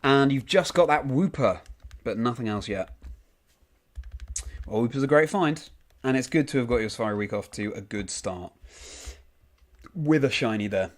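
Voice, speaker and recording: A man's voice: mid-range voice, lively intonation, normal speed, long pauses. A young man streaming a game, casually reading out and answering chat messages with frequent ums. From United Kingdom.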